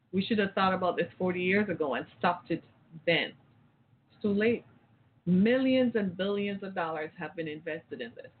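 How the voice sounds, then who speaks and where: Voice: mid-range voice, slight background noise. Emphatic ranting caller on a tinny phone line. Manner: emphatic, rambling, repeats phrases, rhetorical questions. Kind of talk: impassioned talk-show rant.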